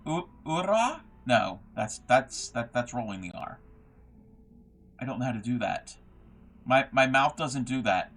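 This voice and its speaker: A man's voice: mid-range voice, unhurried, pauses often, fairly bright tone. A young man hosting a casual craft livestream, reading chat messages aloud and rambling with lots of fillers and restarts.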